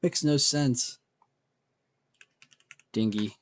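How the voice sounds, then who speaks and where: A man's voice: medium pitch, very slow. A man hosting a casual livestream, muttering word guesses to himself and reacting to chat with self-mocking remarks. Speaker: livestream host.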